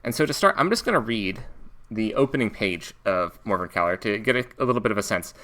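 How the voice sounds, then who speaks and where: A man's voice: lowish voice, animated, fast talker, bright, forceful tone. A man from Alaska with an American accent, talking casually through a book review with frequent restarts and fillers. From Alaska, United States. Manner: thoughtful, restarts and fillers, reads passages aloud.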